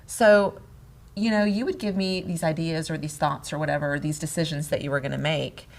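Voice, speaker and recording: A middle-aged woman co-hosting a casual talk on marriage, telling stories in an animated way and laughing often. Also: low-pitched, a little fast, gravelly. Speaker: podcast co-host, wife. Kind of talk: casual conversation about marriage.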